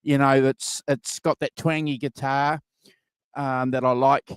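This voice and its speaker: A man's voice: mid-range voice, level tone, measured pace, clear, resonant tone, no room sound. A man hosts a casual music review chat over a video call, rambling and full of fillers and restarts. His voice sits in a middle range and sounds dry, with no room around it. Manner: rambling, filler-heavy, enthusiastic. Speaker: podcast co-host.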